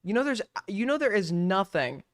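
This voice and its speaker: A man's voice: sits high, very animated, normal speed. A man streaming and reacting to a video with rambling, profane and mocking commentary.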